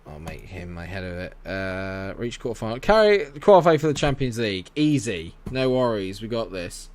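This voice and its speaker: A young man talks through a live game stream. His voice sits a bit low. He rambles cheerfully and breaks off to answer chat messages. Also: very animated, moderate pace. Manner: chatty, rambling, reads chat aloud and answers it. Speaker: gaming streamer. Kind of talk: casual live-stream commentary.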